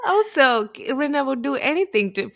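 A woman's voice: sits high, sing-song, moderate pace, vocal fry. A woman co-hosting a casual podcast chat, talking emphatically and laughing along. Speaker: podcast co-host.

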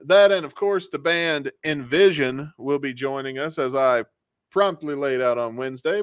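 Podcast co-host, male, joking casual delivery, smooth clear tone. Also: mid-range voice, moderate pace, dry recording. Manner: joking, laughing often.

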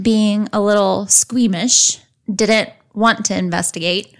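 A woman with a medium-pitched, slightly bright voice runs a true crime podcast. Reading a case from her notes, she keeps things chatty and casual and tosses in playful asides.

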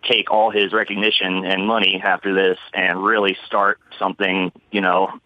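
A man's voice: low-pitched, level tone, moderate pace, no room sound. A man calling in to a radio show, sharing a hopeful, rambling opinion in a friendly way. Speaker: radio caller. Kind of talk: call-in comment. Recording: dull, dry call-in audio.

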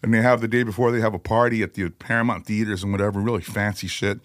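A middle-aged man, a metal singer telling stories as a podcast guest, animated, laughing and swearing freely. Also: on the low side, quick pace. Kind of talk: casual storytelling chat. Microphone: podcast studio mic.

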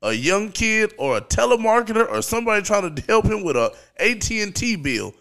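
A man's voice: high voice, sing-song, fairly quick, gravelly, a bit bright. A man guesting on a casual podcast, talking in blunt, profane, teasing banter.

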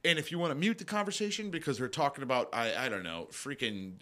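Animated, bright-voiced swearing man. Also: medium pitch, quick pace. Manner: swears freely, animated storytelling. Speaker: podcast co-host. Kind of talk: casual live chat.

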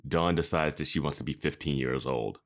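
A man co-hosting a podcast, chatting in a rambling, animated way. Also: very deep voice, brisk. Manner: animated, rambling, bursts of laughter. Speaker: podcast co-host. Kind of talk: casual chat.

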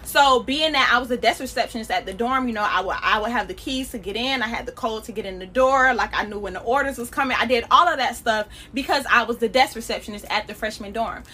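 A young woman preaches casually on her podcast, talking in a lively, slangy way and often breaking into laughter. Her voice sits high and bright and carries a lot of energy. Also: fast talker, hardly any pauses, breathy edge. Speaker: podcast host.

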